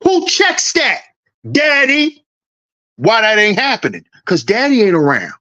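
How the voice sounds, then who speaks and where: A man's voice: very high-pitched, wildly swooping pitch, unhurried, pushed and bright. A man hosting a commentary channel, delivering a heated, preachy monologue and acting out confrontations in a dad's voice. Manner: preachy, confrontational, acts out scenes.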